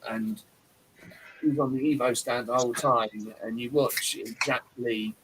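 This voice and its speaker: A man's voice: medium pitch, fairly even intonation, a little slow, a bit bright, a little hiss or hum, poor audio. Rambling, effusive male stream host. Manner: rambling, effusive, heavy on fillers. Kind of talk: casual live-stream chat.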